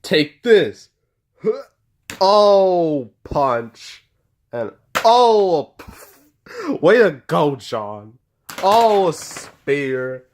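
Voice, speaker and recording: Very slow-talking excitable game commentator. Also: medium pitch, a little hiss or hum. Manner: excitable, full of gasps and "oh" exclamations; talks to the wrestlers on screen. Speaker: host reviewing a wrestling video game match.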